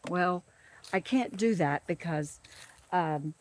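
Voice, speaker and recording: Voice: mid-range voice, slow pace. A government field worker ranting in a monologue, emphatic and repetitive, who keeps stressing the same words.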